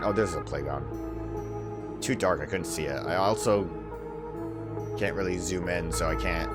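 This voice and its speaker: A man hosting a let's play, chatting casually and thinking aloud with lots of "like" fillers as he reads the game's lines. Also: deep voice. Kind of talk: casual gameplay commentary, reading dialogue aloud.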